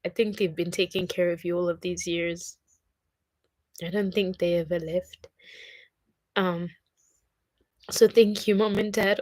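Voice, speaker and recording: A woman's voice: fairly low pitch, fairly even intonation, a little slow, pauses often, a little mellow, dry recording. Heartfelt young South African woman. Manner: heartfelt, tearful, rambling with fillers. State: crying at times. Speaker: vlogger. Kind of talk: emotional casual talk to camera.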